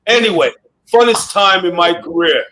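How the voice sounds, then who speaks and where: A man guesting on a talk show, ribbing the hosts in a gruff, swear-heavy mobster-style banter. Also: sits high, lively intonation, moderate pace, sharp tone. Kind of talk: profane roast-style ribbing and storytelling.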